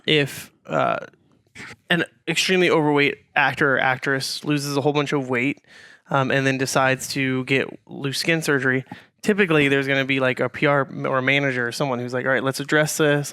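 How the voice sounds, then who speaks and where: A man's voice: medium pitch, steady tone, normal speed, pushed and bright, clear, resonant tone, no room sound, clean studio sound. A young man co-hosting a podcast, talking in a casual, rambling way with many fillers and restarts. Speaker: podcast co-host. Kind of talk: casual chat.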